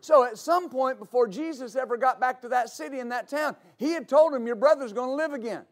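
A man preaching a sermon as pastor, explaining at length and building to shouts. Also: extremely high pitch, brisk.

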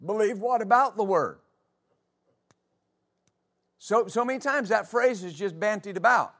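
High-voiced preaching pastor. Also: male voice, expressive, a little slow, long pauses, a bit bright. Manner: preaching with rhetorical questions, reading scripture aloud. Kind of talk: sermon. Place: church.

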